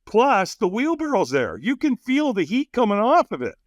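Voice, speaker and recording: Man, podcast guest, animated storyteller, fairly high voice, lively swinging pitch, laughs a lot, dry close sound. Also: normal speed, dry recording, dull audio. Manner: animated, acts out quoted voices, laughs often. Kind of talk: storytelling in a conversation.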